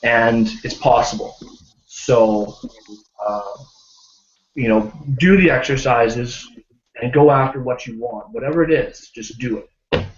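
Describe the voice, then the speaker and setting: Speaking at a measured pace with long pauses, a man of medium pitch tells a success story on a group video call. As a team member, he keeps it casual and animated, acting out the voices he quotes. Audio is roomy, dull lo-fi video call quality.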